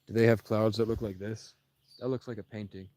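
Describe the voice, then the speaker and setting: A man's voice: on the low side, flat delivery, brisk, a little mellow. A man livestreaming outdoors in the countryside, rambling casually and answering viewers' comments. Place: outdoors in rural Vermont.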